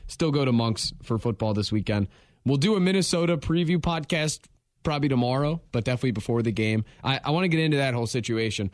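A man's voice: mid-range voice, animated, quick pace, dry recording. A man co-hosting a sports radio show, talking in a loose, wry way with small joking asides. His voice sits in an ordinary middle range. The sound is close and dry, with no room around it. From not from the show's town. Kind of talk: casual sports radio chat.

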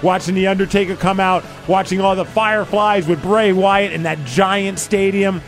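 A man's voice: sits high, steady tone, normal speed, faint music behind. A man hosting a podcast with jokey, upbeat banter. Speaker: podcast host.

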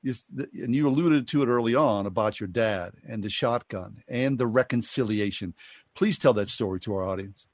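A man's voice: medium pitch, normal speed, no echo. Effusive male radio host, dry studio sound. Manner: effusive, speaks openly as a fan. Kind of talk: radio interview.

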